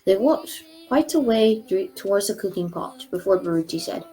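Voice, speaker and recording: Woman reading a story aloud. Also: medium pitch. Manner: measured, expressive reading. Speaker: storybook reader. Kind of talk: reading a book chapter aloud.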